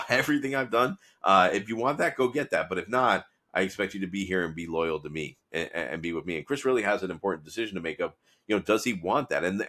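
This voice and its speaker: A man's voice: sits low, a bit bright. A man hosting a solo podcast, talking through a TV episode in a rambling, conversational way with many restarts. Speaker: podcast host and business consultant.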